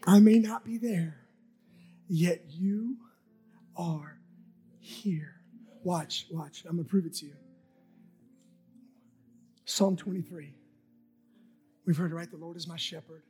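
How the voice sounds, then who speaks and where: A man preaching a sermon and leading a prayer, fervent and rhythmic, repeating phrases and swinging from soft whispers to shouts. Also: high-pitched, takes it slowly, long pauses, faint music behind.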